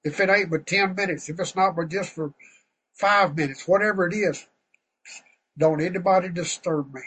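A man preaching a fervent, folksy sermon to an online group over a video call, breaking into shouts of praise. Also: sits high, moderate pace, breathy edge, poor audio.

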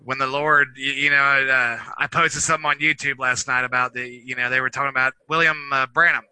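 A man sharing his thoughts in a group discussion, halting and stammering with many fillers. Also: medium pitch, flat delivery, sharp tone, smooth, dry recording, poor audio. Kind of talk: casual testimony sharing.

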